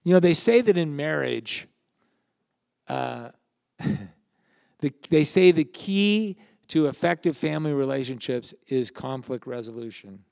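Older male pastor, gravelly, preaches casually and asks the room questions. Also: fairly high pitch, lively intonation, unhurried, darkish tone, no room sound, clean studio sound. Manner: conversational, anecdotal, asks the audience questions. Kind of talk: sermon.

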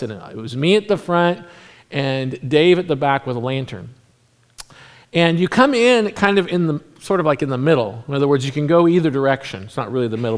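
A pastor telling a long, rambling story in a sermon, acting out the voices of the people in it. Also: male voice, on the high side.

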